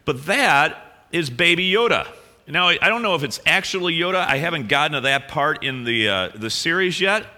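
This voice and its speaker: A middle-aged male pastor opens with a prayer and then chats with his congregation in a loose, joking manner, stumbling over fillers. His voice is very bright and forward. A long reverb from the church hall trails every phrase. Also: on the high side, normal speed. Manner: relaxed, joking, with fillers and restarts. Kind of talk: sermon opening with prayer and chat. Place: church sanctuary.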